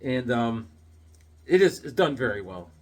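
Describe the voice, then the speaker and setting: A comic book vlogger from Connecticut, USA, chats casually about his comics at a measured pace and medium pitch. He rambles, spinning deadpan tall tales with jokes in between.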